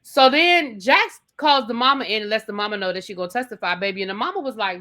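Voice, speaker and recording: A woman with a bright, forceful voice gives a casual recap of a TV episode. She talks chattily and dramatically, as if sharing gossip. She often calls the listener "baby". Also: medium pitch, lively intonation, fast. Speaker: TV review host.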